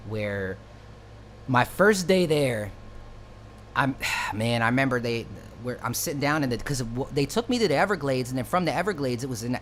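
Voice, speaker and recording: Man, mid-pitched voice, casual storytelling, profane slang, loose and rambling, faint ambient hum behind. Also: a bit bright. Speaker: musician telling a personal story.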